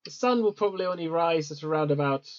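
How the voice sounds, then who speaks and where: A game master voicing a male dragonborn desert guide who talks in a plain, practical, unhurried way, on a dull lo-fi recording. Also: mid-range voice, close to an everyday voice. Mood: thoughtful.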